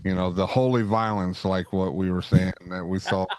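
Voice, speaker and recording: A man hosts a laid-back chat show in a low, smooth voice. He jokes, rambles and restarts his sentences often. The sound is close and dry. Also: little pitch movement, normal speed, darkish tone, no echo. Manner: joking, rambling, with many fillers and restarts. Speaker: podcast host. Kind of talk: casual interview chat.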